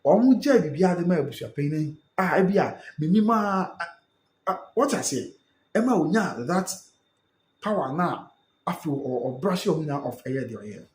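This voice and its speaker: A man's voice: a little high, expressive, moderate pace, roomy sound. A Ghanaian man hosting a live stream, reading out viewer comments and reacting, switching between English and Twi. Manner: mixes English with Twi, reacts and repeats phrases.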